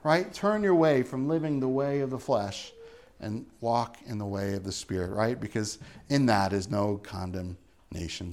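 A man preaching a sermon as pastor, earnest and emphatic, moving into a quiet closing prayer. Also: lowish voice, a little slow. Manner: earnest, rising to emphatic then hushed in prayer.

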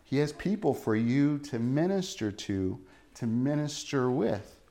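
A man preaching a sermon, earnest and dramatic, dropping to a soft low voice to press his points. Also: very animated, a little slow. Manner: dramatic, acts out quoted voices with rising pitch and volume. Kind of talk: sermon reading and explaining scripture.

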